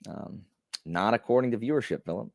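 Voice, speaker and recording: A man's voice: fairly low pitch, a little fast, vocal fry, dry recording, studio quality. A young man chatting casually on a live stream, rambling and self-deprecating with many fillers.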